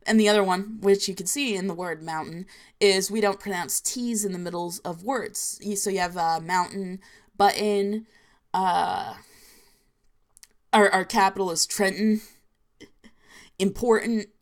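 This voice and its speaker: A woman's voice: medium pitch, steady tone, moderate pace. A woman with a New Jersey accent hosting a solo podcast, talking casually and rambling with plenty of filler words. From New Jersey, USA. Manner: rambling, filler-heavy, chatty. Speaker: podcast host.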